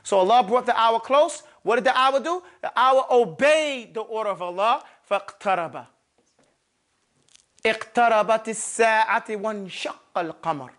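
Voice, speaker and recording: Fast and with few pauses, a man's very high, somewhat bright voice moves through a classroom grammar lesson with lively intonation. At the board he repeats words and keeps checking understanding with "okay?" and "you follow me?"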